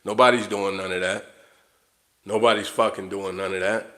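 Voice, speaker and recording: Speaking in a lowish, steady voice with a sharp tone and moderate pace, a man rants straight at his livestream audience. The unscripted monologue is blunt, full of profanity, and repetitive.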